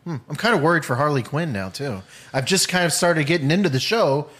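A man's voice: on the high side, brisk. A man co-hosting a casual podcast chat, talking in loose starts and restarts. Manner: animated, trails off and restarts a lot. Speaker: podcast co-host.

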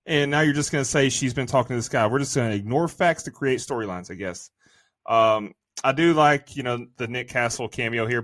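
A man's voice: medium pitch, fairly bright tone, no echo, studio quality. Man ranting profanely about a film. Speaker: podcast co-host. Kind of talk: casual movie review chat.

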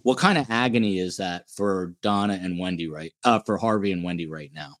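A man's voice: sits low, brisk, a bit bright. A man from New Jersey hosting a true-crime podcast in casual chat, reading out viewer comments. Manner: chatty, reads out viewer comments. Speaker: podcast host.

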